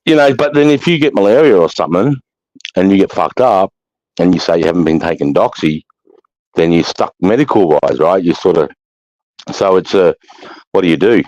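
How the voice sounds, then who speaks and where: A low-voiced, middle-aged Australian man talks bluntly on a livestream and swears constantly. His stories get loud and animated. The audio is dull and dry, like a cheap close mic. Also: normal speed, no room sound. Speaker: livestream host, army veteran. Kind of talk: casual livestream chat.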